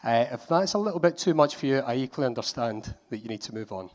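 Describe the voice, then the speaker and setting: A man's voice: mid-range voice, animated, fast. A man with a Scottish accent giving a conference talk, telling a story in a wry, self-deprecating way. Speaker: conference speaker. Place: conference hall.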